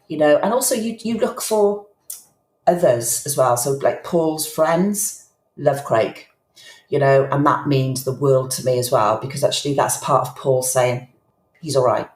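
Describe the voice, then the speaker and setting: A woman's voice: rumbling low, measured pace, a little mellow. A middle-aged woman, a podcast guest, telling personal stories in a candid, reflective way and often restarting her sentences. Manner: emotional, reflective, with frequent restarts. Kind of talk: candid conversational storytelling. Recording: roomy echo.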